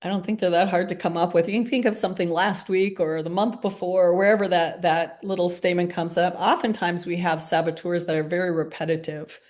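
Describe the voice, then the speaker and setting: Workshop facilitator, woman, lowish voice, warm candour, laughs as she talks. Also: fairly even intonation, brisk, few pauses. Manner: gentle, candid, laughs often while talking. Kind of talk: reflective group workshop talk.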